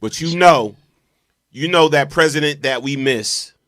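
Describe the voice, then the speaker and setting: Hyped host dude, bright forceful voice, slangy, a bit high. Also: male voice, a little slow. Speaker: show host. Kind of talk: casual interview chat.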